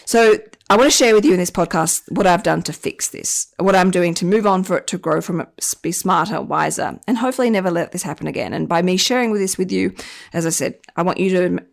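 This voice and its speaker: Gravelly-voiced woman confessing on a podcast. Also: lowish voice, fast talker. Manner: candid, self-deprecating storytelling. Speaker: personal finance podcast host.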